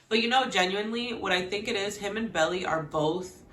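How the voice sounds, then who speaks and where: A woman giving a casual, gossipy recap of a TV episode. She talks in a chatty way with lots of "like" and quick laughs, and she acts out the characters' lines as she goes. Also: mid-range voice, fairly bright tone, roomy sound. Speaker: TV recap vlogger.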